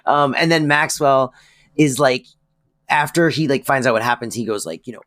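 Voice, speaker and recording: A man's voice: mid-range voice, normal speed, a bit bright. Chuckling man co-hosting a podcast. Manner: laughs often, hesitant with many ums. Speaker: podcast co-host. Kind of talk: casual chat.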